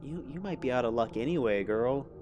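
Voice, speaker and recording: A man's voice: mid-range voice, animated, a little fast, darkish tone, a little hiss or hum. A man giving casual, rambling commentary as he plays a video game, chatty and self-amused. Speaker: let's play host.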